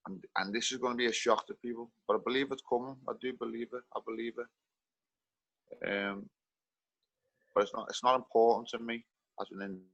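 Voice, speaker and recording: A man with a Liverpool accent speaking earnestly on a group video call, halting with many restarts. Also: mid-range voice, fairly even intonation, a bit bright, no room sound, poor audio. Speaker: community participant.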